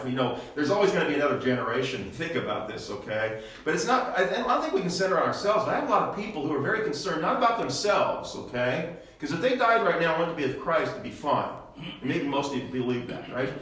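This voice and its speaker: Older pastor teaching in an echoey church room. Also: male voice, mid-range voice, animated, fast talker, a bit bright, distant mic. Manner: rhetorical questions with frequent "okay?" tags. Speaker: pastor teaching Bible study. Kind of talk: classroom Bible teaching. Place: church classroom.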